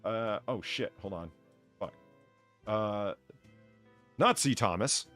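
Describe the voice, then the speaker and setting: A man's voice: on the low side, animated, slow pace, a bit bright, soft background music. A man hosting a podcast, rambling and cursing through crude comedic banter with lots of stammering restarts. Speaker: podcast host.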